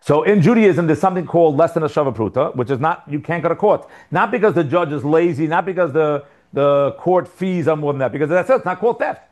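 A man's voice: on the high side, lively intonation, quick pace, hardly any pauses, a little mellow. A man teaching a religious text class, reading passages and thinking aloud with lots of rhetorical questions. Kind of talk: lesson with text study. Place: living outside America.

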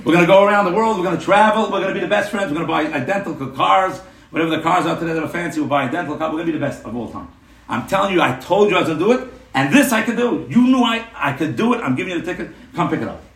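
A man's voice: a little high, sing-song, rapid-fire, fairly bright tone. A man playing a stingy, rich older man who pleads with his best friend, telling the story earnestly in a roomy space, heard from a little distance. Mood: excited. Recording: roomy room, mic at a distance.

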